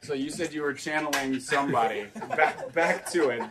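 A man's voice: a little high, normal speed, over a noisy crowd. A man co-hosting a casual podcast chat. He is self-deprecating and stops and restarts his sentences often.

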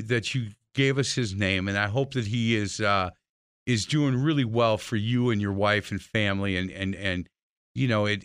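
A man hosting a radio sports and faith show in casual interview style, talking with warm laughs and many stumbling restarts. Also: fairly low pitch, no room sound, studio quality.

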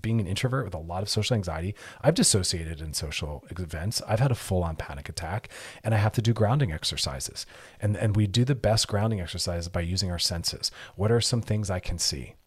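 A man's voice: deep voice, animated, a little fast, slightly rough. A man hosting an advice show, talking earnestly and directly, coaching listeners with repeated commands. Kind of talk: advice podcast monologue.

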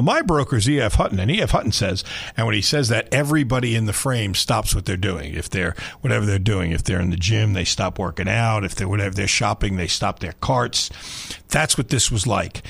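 A man in his sixties, a sports talk radio host, telling a story with lively energy and frequent laughter in a studio. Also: medium pitch, vocal fry.

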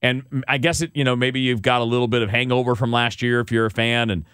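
A man's voice: medium pitch, fast talker, clear, resonant tone, dry recording. Male co-host, casual sports chat, gets worked up and rants, dry close sound. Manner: animated, ranting, many restarts.

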